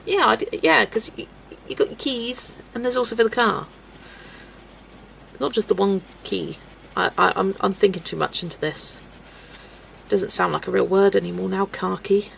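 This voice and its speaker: A woman's voice: mid-range voice, normal speed, long pauses, fairly bright tone, slight background noise, poor audio. A woman hosting a colouring live stream, chatting casually with viewers and giggling often. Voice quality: gravelly creak in the voice. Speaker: colouring livestream host.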